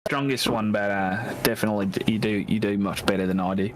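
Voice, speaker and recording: A man chatting with a streamer while gaming, relaxed and crude. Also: lowish voice, quick pace. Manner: laid-back, crude, laughing often. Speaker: teammate. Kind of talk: casual gaming banter. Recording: noisy game audio behind.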